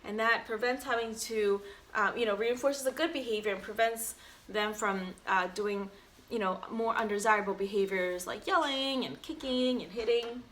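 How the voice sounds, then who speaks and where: Bright-voiced mom giving parenting tips. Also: female voice, a little high, moderate pace. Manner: chatty, warm baby talk with playful sing-song. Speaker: doctor and mother reading picture books. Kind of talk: casual read-aloud with parenting tips.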